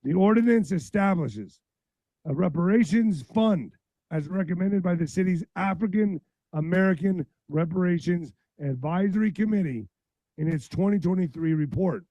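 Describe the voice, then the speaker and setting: A man hosting a political podcast livestream, blunt and profane, reading news aloud and ranting, his voice going hoarse. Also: sits high, moderate pace, warm tone, no echo, highs cut off. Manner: blunt, heated, reads news aloud then rants. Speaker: podcast host.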